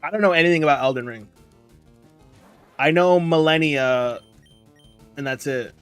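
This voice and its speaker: A man's voice: on the high side, normal speed, fairly bright tone, clear, resonant tone, no room sound. A tired young man chatting casually on a livestream, reading chat and rambling along. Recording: music playing faintly behind. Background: faint background music.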